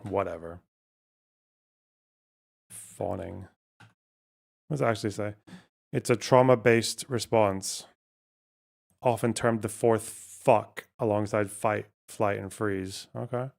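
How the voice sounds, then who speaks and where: A man with a lowish, gravelly voice talks slowly and leaves long pauses. He's live-streaming a word puzzle, thinking aloud, swearing often and chatting with his viewers in a casual way.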